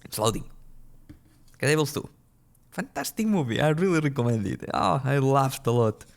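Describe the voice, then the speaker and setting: A man's voice: mid-range voice, big pitch swings, normal speed, creaky. A man in his early twenties from a small European country, giving casual, rambling gameplay commentary at his computer, swearing, restarting sentences and laughing often. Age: early 20s. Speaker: gaming channel host.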